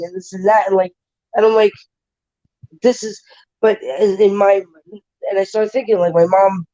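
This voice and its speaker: A woman's voice: mid-range voice, steady tone, normal speed, pauses often, warm tone, dull audio. A woman hosting a casual livestream chat. She talks bluntly and emotionally and swears freely. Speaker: livestream panel host.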